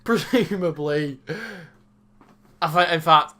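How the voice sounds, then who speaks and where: A man's voice: fairly high pitch, slow, bright, forceful tone. A young man co-hosting a casual sports podcast, ranting in mock exasperation and joking with his co-host.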